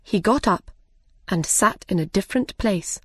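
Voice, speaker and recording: A woman narrating a simple story slowly and clearly for language learners. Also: mid-range voice, no echo, studio quality. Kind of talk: slow graded-reader narration.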